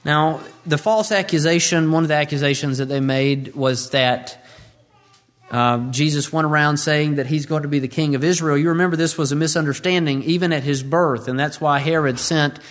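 A man, a pastor, preaching a sermon earnestly and drawing out key words slowly. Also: on the high side, fairly even intonation, fairly bright tone.

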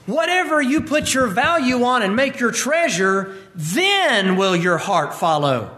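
Male preacher, high voice, emphatic sermon delivery with repeated lines. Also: very animated, unhurried, bright, forceful tone. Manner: emphatic, repeats key lines, quotes scripture.

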